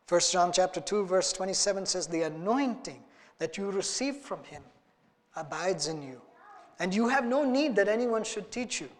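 A man preaching a sermon earnestly, acting out small dialogues and letting his voice rise and fall for emphasis. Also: sits high. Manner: earnest, rising and falling for emphasis, acts out little dialogues. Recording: long hall reverb.

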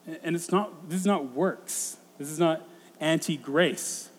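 A man in his thirties delivers a reflective sermon, often restarting his sentences as he thinks aloud. His voice sits a little high for a man, and it rings with the long reverb of a church hall. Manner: reflective, halting with frequent restarts. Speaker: pastor.

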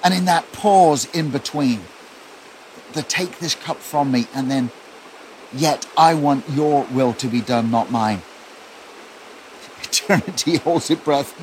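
A man preaching a sermon as pastor, telling the story in an earnest, quietly intense way. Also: mid-range voice, slow, long pauses, a little hiss or hum.

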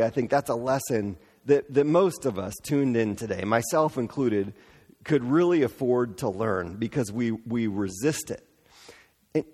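A man preaching a casual, conversational sermon, informal and animated, acting out quotes playfully. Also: mid-range voice, big-room sound. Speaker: pastor.

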